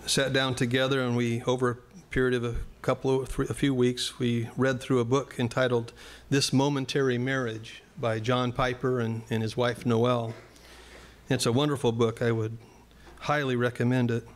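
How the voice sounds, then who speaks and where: A man's voice: mid-range voice, little pitch movement, moderate pace. A male pastor preaching a sermon in a church, earnest and plain-spoken, turning now and then to address the congregation directly.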